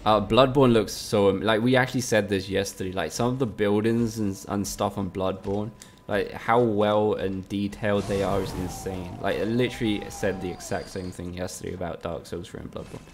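A man's voice: lowish voice, steady tone, normal speed, few pauses, slight background noise. A man from the UK, streaming a game live and trading teasing, sweary banter with his chat. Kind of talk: casual live-stream commentary.

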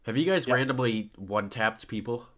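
A man from the United States hosting a podcast, telling stories in an animated way and swearing freely. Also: medium pitch, moderate pace. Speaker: podcast host. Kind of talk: casual podcast chat.

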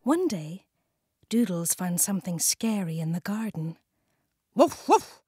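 A British woman narrating a children's storybook, warm and clearly enunciated. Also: on the low side, no echo, clean studio sound. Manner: warm, slow, clearly enunciated, sing-song. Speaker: audiobook narrator.

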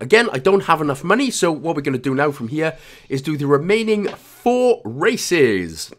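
A man's voice: a little high, sing-song, moderate pace. A man with a Welsh accent talking through a video game walkthrough in a chatty, jokey way with self-mocking asides. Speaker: gaming guide creator.

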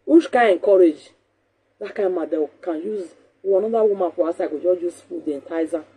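A woman with a Nigerian accent hosting a talk show, talking casually in an animated, scolding way and repeating her points for emphasis. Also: fairly low pitch, brisk, husky.

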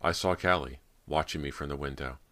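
A man's voice: a bass voice, a little fast, sharp tone. A man voicing a nervous, haunted teenage girl actress, speaking with emotion and a tremble. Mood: anxious.

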